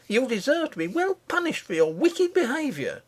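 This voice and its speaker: A man's voice: extremely high pitch, sing-song, normal speed, voice pushed up, exaggerated voice. A man voicing an indignant nurse who scolds a child harshly. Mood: scolding. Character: scolding, shrill woman nurse.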